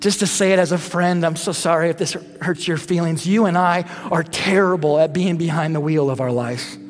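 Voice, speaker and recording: High-voiced pastor preaching in a hall. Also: male voice, normal speed. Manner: conversational, repetitive rhetorical questions. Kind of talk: sermon. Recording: reverberant hall.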